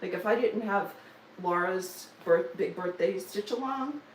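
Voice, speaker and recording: A woman in her 60s chats casually on a live stream about her stitching projects, tossing in jokes and self-deprecating humor. Her mid-range voice is a little slow, and the poor audio comes from a distant mic in a reverberant space with slight background noise.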